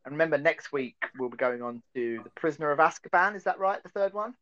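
A man's voice: a little high, animated, fast talker, fairly bright tone, dry recording, muffled recording. A man co-hosting a casual podcast chat, rambling and self-deprecating. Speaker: podcast co-host.

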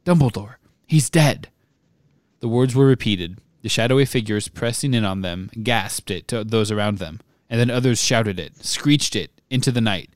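A podcast host reading a book chapter aloud in measured, even narration. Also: male voice, fairly low pitch, no echo, studio quality.

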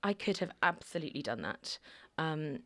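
A woman's voice: low-pitched, sing-song, moderate pace. A woman in her thirties from the Channel Islands, chatting as a guest in a casual conversation and telling her story with self-mocking humour. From Alderney, Channel Islands. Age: 30s. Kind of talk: casual podcast chat.

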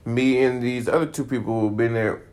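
Young man co-host, mid-range pitch, loose slangy delivery with plenty of swearing. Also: fairly even intonation, fairly quick, darkish tone. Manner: slangy and profane. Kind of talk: casual chat.

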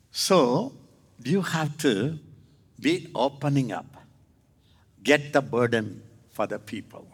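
A man preaching a sermon in a slightly high, gravelly voice. He talks slowly, but his pitch swings widely and leaps up into excited cries. He speaks to his listeners as brothers. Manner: animated, jumps into high excited exclamations; addresses listeners as "Thambi" and "Anna".

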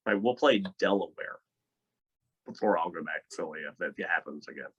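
A man from Georgia, a touring musician telling a wild road story in casual chat, profane and animated, acting out quotes. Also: sits low, brisk, slightly rough, lo-fi sound. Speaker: touring band musician, guest.

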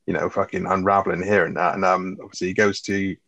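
A man, co-hosting a podcast and retelling film scenes in a sweary, animated way. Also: low voice, fast talker, gravelly, no echo. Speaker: podcast co-host. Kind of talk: casual film review chat.

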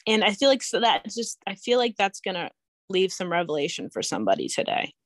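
A woman's voice: medium pitch, sing-song, dry recording. A young woman co-hosting a casual faith podcast, talking reflectively with frequent halts and restarts. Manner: reflective, halting, many restarts. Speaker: podcast co-host.

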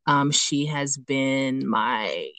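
A low-pitched woman hosts a conversational podcast, thinking aloud as she talks, often pausing on an "um" before she finds the words. Her voice sits close and dry on the mic, with no room sound. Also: lively intonation, a bit bright, dry recording. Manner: reflective, searching for words with frequent ums. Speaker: podcast host. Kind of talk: conversational interview.

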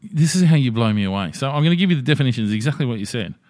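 A man co-hosting a casual podcast chat, blunt, excitable and quick to swear. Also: mid-range voice, no room sound, clean studio sound. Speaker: podcast co-host.

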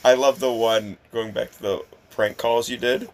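A man's voice: medium pitch, steady tone, moderate pace, darkish tone. A man telling laid-back, jokey anecdotes in casual conversation. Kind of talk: casual chat.

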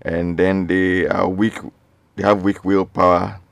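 Deep gravelly radio host. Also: male voice, little pitch movement, a little slow, no echo. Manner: earnest, reads listener messages aloud, repeats pleas. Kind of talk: radio call-in talk show. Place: radio studio.

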